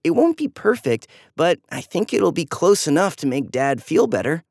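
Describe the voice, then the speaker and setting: The storybook narrator voicing an anxious, earnest young girl, high and pleading. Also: very animated, normal speed, creaky, a little mellow, no room sound, studio quality.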